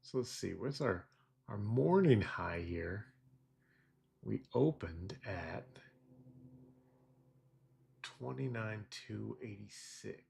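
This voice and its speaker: A man's voice: on the low side, expressive, slow, vocal fry, pauses often, darkish tone, a little hiss or hum. A middle-aged man streaming his trading live, telling rambling self-deprecating stories in a casual chat. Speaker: futures trader streaming live.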